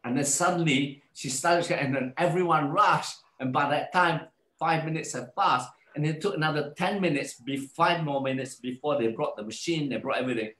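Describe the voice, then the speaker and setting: Animated man telling a story in a roomy space. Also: fairly high pitch, moderate pace. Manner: animated, acts out the voices of people in his story. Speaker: guest. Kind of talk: casual storytelling in a live online talk.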